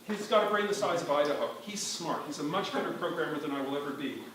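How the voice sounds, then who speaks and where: A conference speaker talks quickly in a higher, somewhat bright voice before an audience in a large hall. Emphatic and wry, he keeps quizzing the room, captured by a distant mic amid heavy echo and slight background noise.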